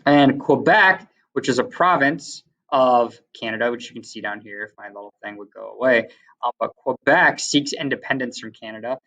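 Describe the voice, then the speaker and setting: A man's voice: mid-range voice, moderate pace, sharp tone. A man giving a casual classroom lecture as a teacher, chatty and full of fillers, with side stories. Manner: chatty, many fillers, tells anecdotes. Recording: distant, dull lo-fi recording.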